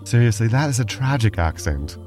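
A man's voice: mid-range voice, sing-song, a little fast, a little mellow, soft background music. A man co-hosting a podcast, dry and exasperated in playful banter. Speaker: podcast co-host. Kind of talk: playful role-play banter.

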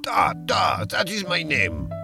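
A large, rude Russian bruiser played by a man barks orders in clipped, broken English with a heavily fake Russian accent. The voice sits a little high and gravelly. It swings up and down as he bosses people around. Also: huge pitch swings, slow pace, over music, heavily acted. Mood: bossy. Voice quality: broken English, bossy commands.

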